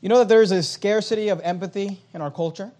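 A man preaching a sermon as pastor, emphatic, with loud high swings and quiet low drops. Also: quick pace.

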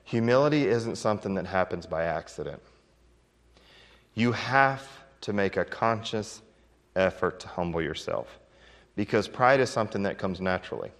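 A man preaching a sermon as a pastor, telling folksy stories with chuckles and emphatic swings in loudness. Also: lowish voice, lively intonation, moderate pace, long reverb tail.

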